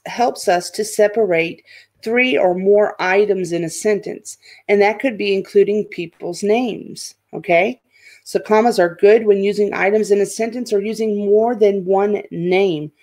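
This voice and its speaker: A woman's voice: medium pitch, unhurried, darkish tone. Woman, elementary teacher, board lesson, patient, repeats key points, checks in often.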